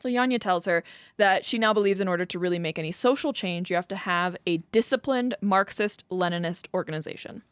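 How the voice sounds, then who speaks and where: A woman's voice: fairly low pitch, fairly quick, clean tone, no echo, clean studio sound. A woman co-hosting a podcast, telling a researched story in a chatty, casual way with lots of fillers and laughter. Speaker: podcast co-host presenting research.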